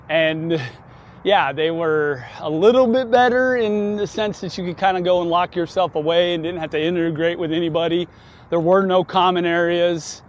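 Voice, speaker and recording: A man's voice: a little high, a little hiss or hum. A man telling a story in a casual vlog while riding a bike outdoors, chatty and wry with frequent chuckles. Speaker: vlogger. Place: outdoors on city streets, riding a folding bike.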